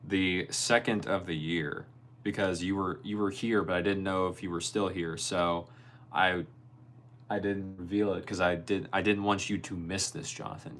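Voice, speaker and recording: A man's voice: sits low, fairly bright tone. A young man hosting a casual livestream from his bedroom, reading viewers' comments aloud and answering each one by name. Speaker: livestream host.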